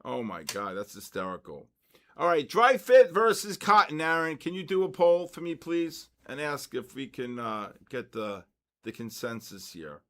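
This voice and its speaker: An older man hosts a casual trading livestream, chatting loosely and breaking into excited shouts when the markets move. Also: medium pitch, moderate pace.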